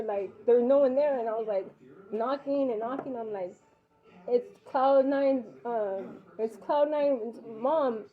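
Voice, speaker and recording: A woman with a fairly high voice tells a personal story in a loose, casual way. She acts out each exchange as she goes and swears freely. The recording sounds dull and lo-fi. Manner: re-enacts dialogue, swears casually. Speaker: mother recounting a personal story.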